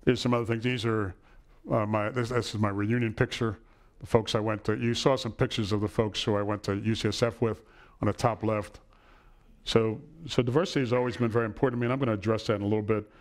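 A middle-aged man lectures an audience in a hall, his lowish voice fast and steady in tone. He tells family stories with warmth, frequently pausing on a "right?" to check in.

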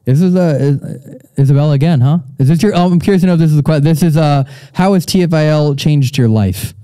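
Dark-voiced young man hosting live. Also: fairly high pitch, fast talker, smooth, dry recording. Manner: relaxed and rambling, many fillers and restarts, laughs often. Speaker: show host. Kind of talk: casual live Q&A chat. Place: stage at a live audience event.

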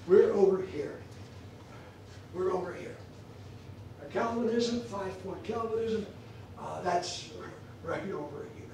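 Male church teacher, high voice, emphatic and repetitive delivery; distant mic, very roomy echo, faint room hiss. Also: slow pace, pauses often. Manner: emphatic, repeats phrases for stress. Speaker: pastor teaching a theology class. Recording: echoey church room from far off.

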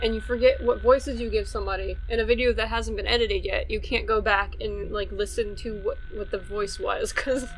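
A woman's voice: medium pitch, fairly even intonation, fairly quick, hardly any pauses, a little hiss or hum. A woman casually commentating on a game as she plays, chatty and thinking aloud. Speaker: let's play host.

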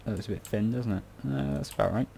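British guy muttering through a build tutorial, bit low and gravelly, goes off on tangents. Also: fast, dark tone, a little hiss or hum. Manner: rambling, self-mocking, muttering to himself. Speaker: game tutorial creator. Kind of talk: casual building tutorial commentary.

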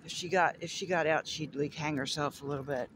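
A high-voiced man from Florida rambles cheerfully to a handheld camera as he rides down neighborhood streets outdoors. He giggles often and keeps talking to his dog. Loud outdoor noise, passing traffic and birds sit underneath his voice. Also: moderate pace. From Florida, USA. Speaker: artist vlogger. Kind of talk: casual chat while riding around. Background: outdoor ambience, vehicles, birds.

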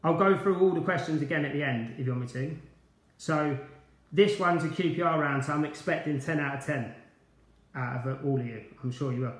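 A cheerful man runs a quiz over a live stream, chatting and calling out viewers' names between questions. His voice sits a bit high for a man. The room around him is echoey. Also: brisk, fairly bright tone. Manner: chatty, upbeat, greeting viewers by name. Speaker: quiz host, former player.

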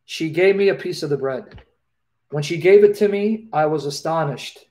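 Earnest high-voiced man in live Q&A. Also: normal speed, warm tone. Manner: earnest, emotional, repeats phrases. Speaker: host of a live Q&A. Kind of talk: live video-call Q&A, personal testimony. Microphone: video call.

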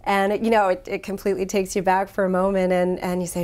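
A woman trial lawyer, a guest in an interview, answering with enthusiasm and lively storytelling. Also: mid-range voice, quick pace, clear, resonant tone.

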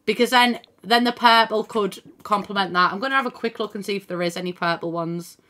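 Brisk and sharp-toned, with a mid-range voice, a woman streams her gameplay from a home computer via a desk microphone. She chats in a relaxed way, thinks aloud, reads what chat says, and lets a swear slip occasionally.

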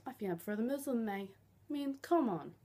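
A woman's voice: on the high side, expressive, brisk, dark tone. A young woman, ranting bluntly and sarcastically in a vlog, swearing freely. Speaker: vlogger.

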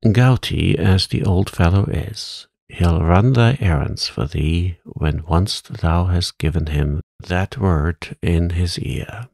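A man's voice: low-pitched, slow, gravelly, few pauses, a little mellow, slightly rough, no echo, clean studio sound, exaggerated voice. A man voicing a cunning, doting old witch with a coaxing, conspiratorial manner in a storybook reading.

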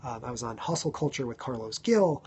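Chatting casually with his live stream audience, this man of about thirty thanks viewers by name and pads pauses with ums. His medium-pitched voice is expressive and a little mellow, with a faint hiss or hum behind it.

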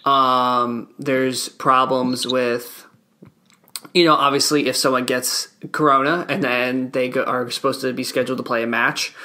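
A man's voice: mid-range voice, flat delivery, a little slow, pushed and bright. A man hosting a podcast, asking loose, rambling questions full of fillers. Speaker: podcast host. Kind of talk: casual chat.

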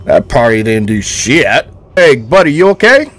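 A young man giving loud, excitable, profane live commentary while playing a game on a headset, laughing often. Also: medium pitch, measured pace. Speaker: gaming streamer.

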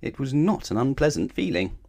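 A man reading a children's storybook aloud in an expressive, sing-song way. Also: mid-range voice, brisk.

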